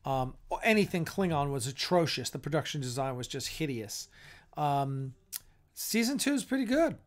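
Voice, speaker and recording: A man's voice: a little high, sing-song, normal speed. A man hosting a casual live-stream chat. He sounds tired and yawns, and he gives blunt, opinionated takes. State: tired and yawning.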